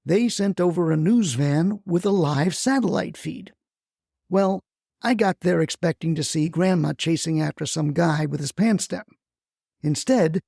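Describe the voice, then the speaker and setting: A man's voice: high-pitched, vocal fry, mellow, dry recording, clean studio sound. A man narrating a comic story with wry, folksy asides.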